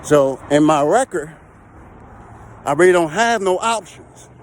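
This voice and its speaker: A man's voice: a little high, expressive, measured pace, a little hiss or hum. A man talking casually to camera about heavy equipment work, repeating himself and checking in with the listener. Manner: repetitive, conversational, keeps checking in with the listener. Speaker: heavy equipment and recovery operator. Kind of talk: casual vlog talk to camera.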